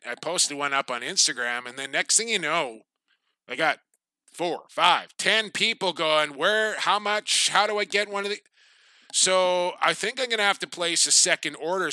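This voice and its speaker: A man hosts a casual sports podcast with a very bright, slightly high voice. He talks in an upbeat, chatty way and lets his sentences trail off. The sound is dry and close. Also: dry recording. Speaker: podcast host.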